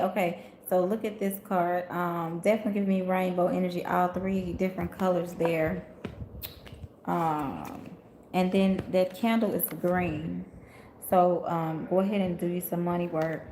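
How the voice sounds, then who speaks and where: Calling her viewers honey and y'all, a woman from Memphis, Tennessee does a live tarot reading on a livestream from inside a rental house. Her voice is fairly low and dark, with little pitch movement and an unhurried pace, and the echoey room carries faint ambient noise.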